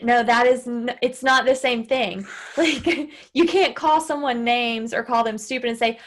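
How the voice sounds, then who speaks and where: A woman's voice: on the high side, steady tone, unhurried, hardly any pauses. A woman hosting a podcast, talking casually and animatedly with her husband, swearing freely and acting out angry outbursts. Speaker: podcast host. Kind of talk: casual conversation.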